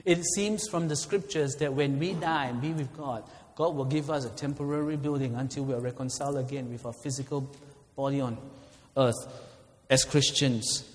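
A man preaching a fiery sermon in a church hall, swinging between loud declarations and hushed asides. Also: medium pitch, steady tone, normal speed. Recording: long hall reverb.

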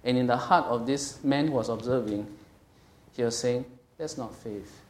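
Speaking at normal speed in a steady, mid-range voice, a middle-aged pastor gives a conversational yet emphatic sermon. He checks in with his listeners often, and the room he's in is echoey.

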